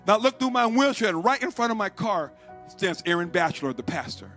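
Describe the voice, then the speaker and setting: A man preaching a Pentecostal sermon, swinging from shouted exhortation to hushed, halting storytelling. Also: sits high, sing-song, soft background music.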